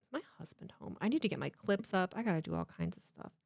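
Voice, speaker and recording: A woman in her thirties hosting a live watchalong stream, chatting casually from home in an animated, emotional way, swearing freely and restarting her sentences. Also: lowish voice, fast, creaky, no room sound, studio quality. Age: 30s.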